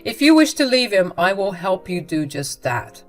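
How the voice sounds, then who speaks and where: A woman's voice: mid-range voice, sing-song, moderate pace, soft background music, lightly acted. A woman voicing a sympathetic older father-in-law who speaks in a firm, reassuring way.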